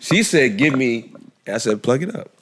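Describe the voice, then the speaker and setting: A man's voice: medium pitch, lively intonation, normal speed, noisy background. A man co-hosting a podcast in rowdy casual chat, playful and singing snippets. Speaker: podcast co-host.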